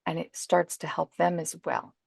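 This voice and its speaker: Woman parenting coach on a podcast, gravelly voice, talks thru her self-talk examples. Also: fairly low pitch, completely flat delivery, normal speed, no echo, clean studio sound. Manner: explanatory, acts out inner self-talk. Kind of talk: podcast interview.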